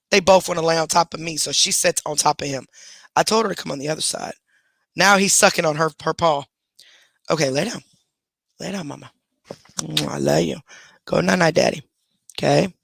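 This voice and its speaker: A woman's voice: on the low side, vocal fry, fairly bright tone, no room sound, clean studio sound. A woman hosting a casual livestream, scolding her dogs and chatting to her viewers. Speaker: livestream host.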